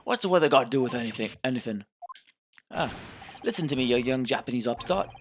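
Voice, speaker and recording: A man voicing a proud, gruff middle-aged British police inspector in a game let's play, loud and huffy, with a British accent. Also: medium pitch, expressive, quick pace, a little hiss or hum, lightly acted. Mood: irritated.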